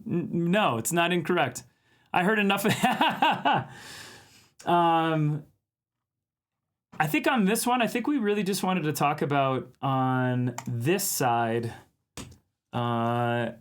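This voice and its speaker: A man from Minnesota hosts a casual art live stream, talking with viewers as he works. His voice sits a little high, and he laughs often and reads chat messages aloud. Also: slow, clear, resonant tone.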